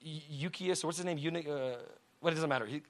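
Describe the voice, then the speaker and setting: A man preaching a sermon to a congregation in slangy, conversational talk, swinging from shouts down to hushed words and often asking the crowd questions. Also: a little high, fast talker. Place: church before a congregation.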